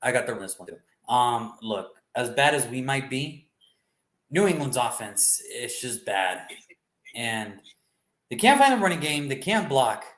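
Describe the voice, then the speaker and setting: A man's voice: mid-range voice, big pitch swings, a little slow, a bit bright, roomy sound, rough recording. A man co-hosting a sports show, chatting loosely about football picks and rambling as he swears freely. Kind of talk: casual sports prediction chat.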